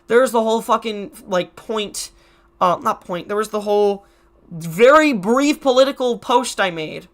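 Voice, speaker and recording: A man's voice: sits high, measured pace, a bit bright. A crying YouTuber man ranting to camera in an emotional vlog. He stutters, restarts his sentences and swears heavily.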